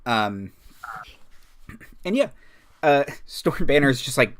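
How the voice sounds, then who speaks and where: A man's voice: mid-range voice, very animated, takes it slowly. A man narrating a tabletop game as game master, rambling along with lots of ums and likes.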